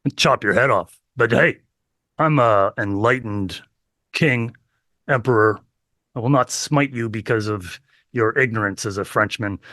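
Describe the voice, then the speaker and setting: A man's voice: fairly low pitch, a little slow, sharp tone, no room sound, studio quality. A man playing a pompous boastful emperor. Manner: pompous, self-praising. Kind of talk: improvised comedy role-play.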